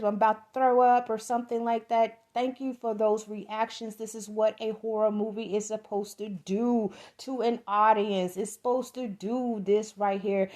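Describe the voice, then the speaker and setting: A woman's voice: mid-range voice, darkish tone. A middle-aged woman from the American South with a Southern accent, giving a rambling, profane, enthusiastic movie review as a podcast host.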